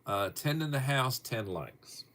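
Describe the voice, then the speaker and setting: Brief: middle-aged man, livestream host, unhurried chuckling delivery, mid-pitched voice. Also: animated, fairly bright tone, a little hiss or hum. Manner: slow, chuckling, reads viewer topics aloud. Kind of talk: casual livestream chat.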